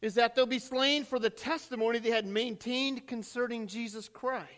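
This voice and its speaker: A man preaching a sermon as pastor, swinging between rising cries and hushed drops, recorded in a church sanctuary. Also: extremely high pitch, fairly even intonation, normal speed, in a large hall.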